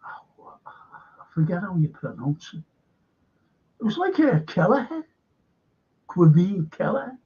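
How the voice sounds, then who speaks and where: A livestream host with a high, warm voice tells a rambling, profanity-filled anecdote very animatedly. He speaks slowly with long pauses, and the stream audio is dull and lo-fi.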